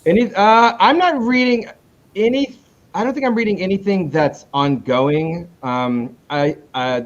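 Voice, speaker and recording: A man who creates comic books chats casually as an interview guest, rambling and stopping himself mid-thought as he finds his way back to the point, with quick pitch jumps when he retells things. His voice is a bit high for a man, and the recording is muffled and lo-fi.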